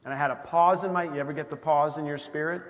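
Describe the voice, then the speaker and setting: A male pastor preaching a sermon, telling a story and acting out the dialogue with lively energy. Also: on the high side, fast talker. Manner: animated storytelling, acts out dialogue. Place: church sanctuary. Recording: church hall reverb.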